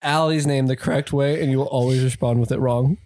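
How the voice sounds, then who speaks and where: A man's voice: medium pitch, fairly even intonation, a little fast, a little mellow, a little hiss or hum. A man co-hosting a casual podcast, teasing his friends in an easygoing way. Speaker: podcast co-host. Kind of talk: casual chat.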